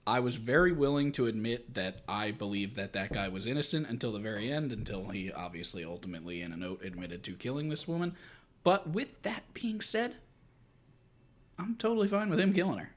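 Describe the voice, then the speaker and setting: A man's voice: medium pitch, very animated, fairly quick. A man co-hosting a podcast in casual chat, crude and ranting, swearing a lot. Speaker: podcast co-host.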